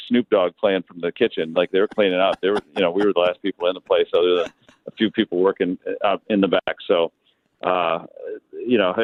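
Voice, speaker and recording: On a thin phone line, a Detroit baseball announcer tells stories as an interview guest, meandering and frequently starting over. His voice is low, and there's no room sound.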